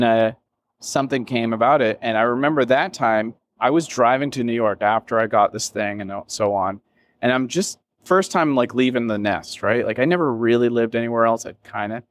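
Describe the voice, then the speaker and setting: Man, interview guest, rambling, emotional, casual swearing, lots of fillers. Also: mid-range voice. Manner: rambling, many fillers and self-quotes. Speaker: interview guest, business founder. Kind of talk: candid reflective interview talk.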